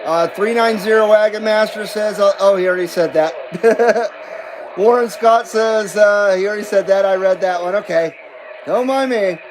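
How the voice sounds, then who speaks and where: A man's voice: high voice, moderate pace, background noise. A man hosting a CB radio livestream, reading chat messages aloud in a rambling, self-deprecating way and laughing often. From western United States.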